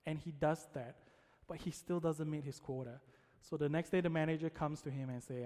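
Male speaker, sermon storyteller, relaxed and chatty, slightly high pitch. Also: normal speed, long reverb tail. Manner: casual, conversational, with frequent "right?".

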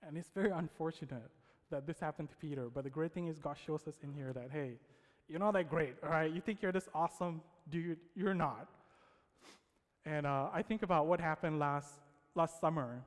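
A man preaching a sermon, telling a personal story with lively quoted voices and frequent check-ins with his audience. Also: a little high, moderate pace. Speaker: pastor. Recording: long hall reverb.

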